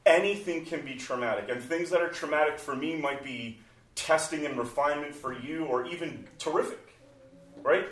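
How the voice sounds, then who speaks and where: A man's voice: fairly high pitch, normal speed, fairly bright tone. A man in his forties, a pastor, talking conversationally and animatedly, acting out inner voices as he goes. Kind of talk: conversational church talk. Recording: roomy sound from a distant mic.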